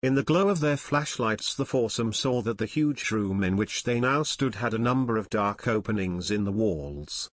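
A man narrating an unabridged audiobook in a steady, measured reading. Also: lowish voice, no echo, studio quality.

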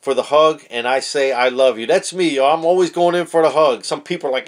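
A man preaching casually to camera, fervent, swinging between hushed earnest talk and shouted praise, with street slang. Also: a little high, fairly quick, few pauses. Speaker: online preacher.

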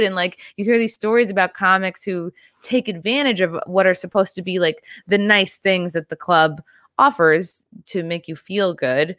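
A woman of middle pitch hosts a casual interview, chatty and loose, with many fillers. Her voice sounds close and dry, with no room echo. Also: fairly even intonation, normal speed, fairly bright tone. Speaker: podcast host.

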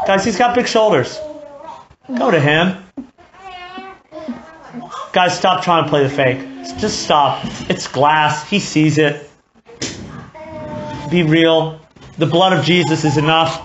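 A man's voice: on the high side, unhurried, pauses often, a bit bright. A man preaching a sermon as pastor, earnest and direct, repeating key points for emphasis and closing in prayer. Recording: echoey, dull, noisy recording.

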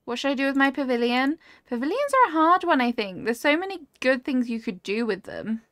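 A woman's voice: high voice, big pitch swings, fairly quick, a bit bright, no echo, studio quality. A woman streaming a cozy building game, gushing over viewers' builds and reading chat aloud in casual talk. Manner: gushing, easily delighted, reads chat aloud. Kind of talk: casual livestream chat while playing.

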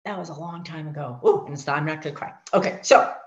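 A middle-aged woman sharing her life story, animated, acting out voices and speaking asides to her listeners. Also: low-pitched, fast talker. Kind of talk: personal testimony talk. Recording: dull lo-fi audio.

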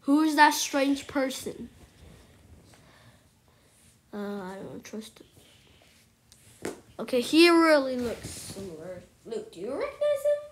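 A woman giving excitable commentary on her gameplay, exclaiming and at times whispering to her viewers. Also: high-pitched, slow pace, long pauses, a little hiss or hum. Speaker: gameplay streamer.

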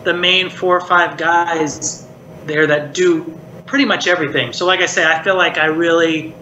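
Chatty man with a bright voice. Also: a little high, fairly even intonation, normal speed, lo-fi sound. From Maryland, United States. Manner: chatty, reflective, lots of "like" and "you know". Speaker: puppeteer and voice actor, guest. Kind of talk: casual interview chat. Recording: roomy echo, faint hiss.

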